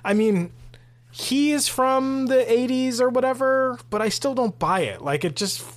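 Animated sarcastic male co-host. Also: extremely high pitch, unhurried. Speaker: podcast co-host. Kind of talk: casual reaction chat.

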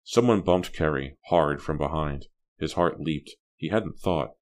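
A male audiobook narrator reading in a steady, measured way. His voice is extremely low and deep. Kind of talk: scripted narration.

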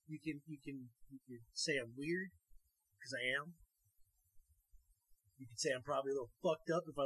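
A man talks in a casual, comedic chat, his voice husky and very bright. He swears freely and stumbles over repeated words when he gets excited. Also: fairly high pitch, poor audio.

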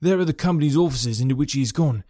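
Guy reading an eager young clerk, pitched up, keen and loud, dry audiobook sound. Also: animated, fast talker, no room sound, lightly acted. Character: excitable young male clerk. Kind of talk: audiobook character voice.

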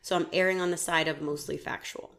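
A woman hosting a podcast, telling a true crime story in casual chat, animated, laughing often and swearing freely. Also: low-pitched, quick pace, creaky, a little hiss or hum.

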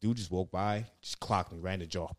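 A low-pitched man tells rambling, profanity-laced stories in casual chat, a little fast and full of fillers. He sounds laid-back and swears a lot, recorded in studio quality with no echo.

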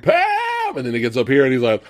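A man hosting a casual live movie review, animated, laughing often and swearing freely. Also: medium pitch, very fast, dry recording, studio quality. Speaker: host of a movie review show.

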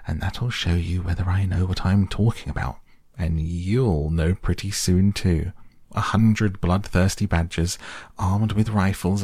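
A man's voice: deep voice, creaky, darkish tone, slightly rough, no room sound, clean studio sound, full character voice. A man voicing a plucky little male mole who eagerly tells how he tricked the guards.

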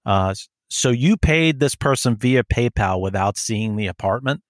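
A man chats casually on a podcast and tells animated stories, acting out both sides of phone calls and swearing as he goes. His voice sits at a middle pitch. The sound is close and dry, with no room behind it. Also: moderate pace, no echo. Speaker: podcast co-host. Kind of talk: casual chat.

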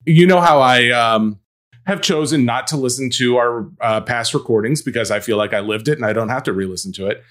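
A man in his thirties co-hosting a sports card podcast in casual banter, talking animatedly with big pitch jumps for emphasis. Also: a little fast, fairly bright tone. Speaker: podcast co-host.

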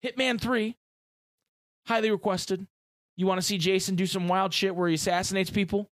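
A man co-hosting a podcast in casual chat, excitable and full of gamer slang. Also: sits high, normal speed, no echo, studio quality. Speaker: podcast co-host.

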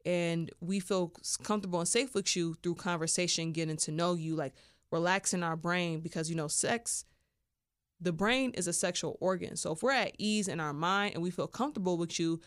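A frank woman hosts her podcast in a loose, chatty monologue and speaks bluntly. Her voice sits fairly low, and the recording is dry and close, with no room echo. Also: normal speed, clear, resonant tone. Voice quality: chatty, blunt, full of fillers. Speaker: podcast host.

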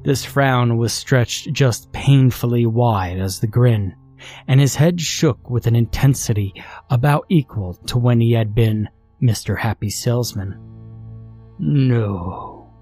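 A man reading a horror story aloud, in a measured and deliberate way. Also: medium pitch, mellow, soft background music. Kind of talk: scripted horror narration.

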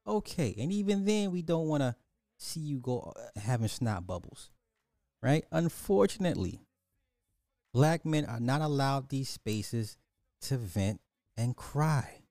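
A man's voice: mid-range voice, measured pace, no room sound, clean studio sound. A man hosting a reaction video, talking casually with jokes and bursts of laughter. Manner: animated, joking, breaks into laughter.

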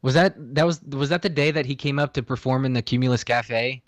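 A man's voice: medium pitch, brisk, no room sound. A man speaking as a podcast guest in a casual chat, dry and sarcastic, joking along.

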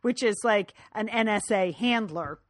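A woman co-hosting a casual chat, recapping a TV episode with quick asides and frequent laughs. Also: medium pitch, no echo, studio quality. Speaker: podcast co-host.

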